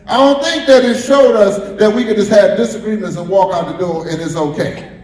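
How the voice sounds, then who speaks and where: In a church sanctuary, a pastor preaches with a high, brisk, slightly mellow voice, repeating phrases and drawing answers from the congregation. The hall is echoey, with roomy reverb.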